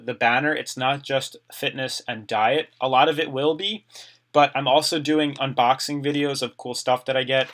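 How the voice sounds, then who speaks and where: A man's voice: medium pitch, fairly bright tone. A man hosting a casual live stream, reading viewer comments aloud and answering them in a chatty way, his voice getting dry from talking so long.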